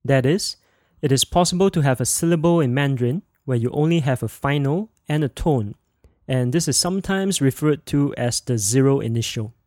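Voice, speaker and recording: A man hosting a podcast language lesson, modeling sounds slowly and clearly for listeners to repeat. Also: mid-range voice, animated, darkish tone, no echo, clean studio sound. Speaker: language teacher and podcast host.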